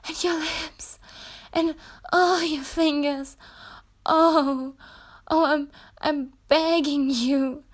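A woman voicing a proud, defiant young captive princess in an adult audio role-play, breathy and gasping as she pleads. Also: high-pitched, fairly even intonation, very slow. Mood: pleading.

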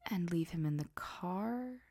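A woman voicing a fussy, snappish middle-aged aunt in whispered role-play, sharp and fretful. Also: lowish voice, normal speed, lightly acted. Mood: snippy.

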